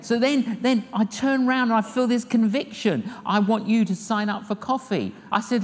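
An older man, preaching a sermon as an evangelist, telling stories lively and acting out the dialogue himself. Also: very high-pitched, moderate pace, few pauses. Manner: lively storyteller acting out dialogue, repeats phrases. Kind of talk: sermon with humorous storytelling. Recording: long hall reverb with faint noise.

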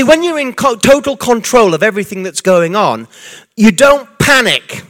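A man preaching a sermon in an animated, conversational way, full of restarts and asides. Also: sits high.

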